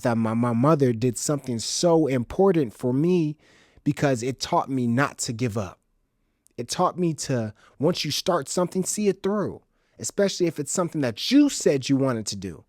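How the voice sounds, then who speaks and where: A young man from the Chicago suburbs hosting a podcast, telling stories in an animated, casual way and playing them up for laughs. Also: medium pitch, moderate pace, no room sound, clean studio sound. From Chicago's South Side suburbs, Illinois. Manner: animated, comic exaggeration, casual slang. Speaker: podcast host. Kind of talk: solo storytelling monologue.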